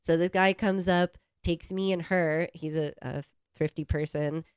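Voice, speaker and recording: A young adult woman co-hosting a podcast, telling a travel story in animated, casual chat and swearing freely. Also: low voice, a little slow, clear, resonant tone, dry recording, studio quality. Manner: animated storyteller who swears and acts out quotes. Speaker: podcast co-host.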